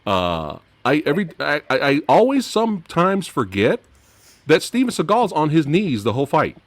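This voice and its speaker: Lively, laughing man reviewing films. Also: moderate pace, dry recording. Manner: animated, laughing often, dropping low at phrase ends. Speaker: podcast host. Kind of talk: casual movie-review chat.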